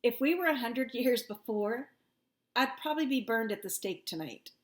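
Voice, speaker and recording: At a normal speed, a woman psychic medium talks casually with her viewers, lively and laughing a lot. Moments of indignation send her pitch jumping higher.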